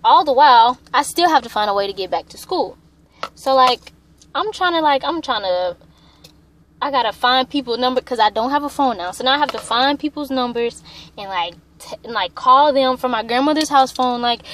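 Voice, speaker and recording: A young woman vlogger telling a personal story casually, animated and profane, acting out what people said. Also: high-pitched, normal speed, a little hiss or hum. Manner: animated, profane, acts out quotes.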